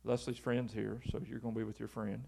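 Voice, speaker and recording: A man's voice: fairly low pitch, little pitch movement, fairly quick, gravelly, warm tone, slightly rough. A male pastor preaching a folksy sermon to his congregation in church. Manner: folksy, acts out quoted voices.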